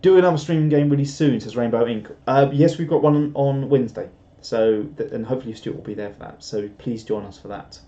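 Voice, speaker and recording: A young man hosts a live stream, rambling casually through viewer comments and making fun of himself. His dark-toned voice sits at a medium pitch, brisk and nearly pause-free, and the home audio sounds roomy and a little dull.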